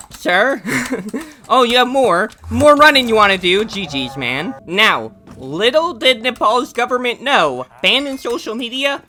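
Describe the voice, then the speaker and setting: A young man giving casual, rambling commentary while playing a video game, excitable and slangy, often laughing and restarting his sentences. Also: high-pitched. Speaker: gaming YouTuber explaining news.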